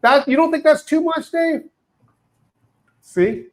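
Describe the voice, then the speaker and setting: A man's voice: very high-pitched, takes it slowly. A man co-hosting a talk show, trading comic banter and laughing as he repeats his point. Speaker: co-host. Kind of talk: casual comedic banter.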